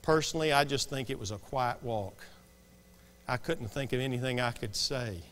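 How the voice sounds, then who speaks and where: A man preaching a sermon, swinging between hushed lines and sudden shouts. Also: medium pitch, moderate pace, in a large hall, slight background noise. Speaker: pastor. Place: church sanctuary.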